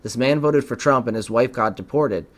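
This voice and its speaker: Guy doing political commentary on his podcast, earnest, trips over words, mid pitch. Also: moderate pace. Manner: earnest, stumbles and restarts words. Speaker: podcast host.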